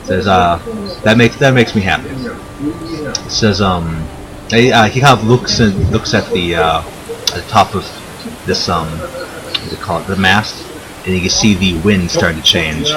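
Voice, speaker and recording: A man with a lowish voice narrates as game master of a tabletop game, rambling through fillers and restarts. A crowd murmurs steadily behind him. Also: moderate pace, poor audio.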